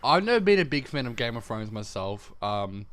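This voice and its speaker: A man's voice: mid-range voice, sing-song, moderate pace, fairly bright tone. A young man, co-hosting a podcast in brash, crude, jokey casual chat. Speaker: podcast co-host.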